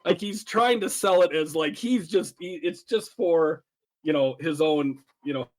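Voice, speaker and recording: A man's voice: a little high, unhurried. A man co-hosting a podcast, casually retelling favorite film lines with laughs and lots of fillers. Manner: rambling, laughs while retelling quotes. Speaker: podcast co-host. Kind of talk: casual chat about a film.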